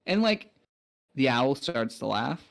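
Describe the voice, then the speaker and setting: A man narrating as game master in a tabletop game, often laughing as he describes the scene. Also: a little high.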